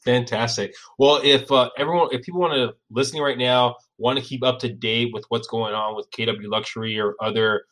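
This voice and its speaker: A man's voice: medium pitch, steady tone, a little fast, few pauses, a bit bright. A man hosting a podcast interview, friendly and a little teasing. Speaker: podcast host. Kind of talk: casual interview talk.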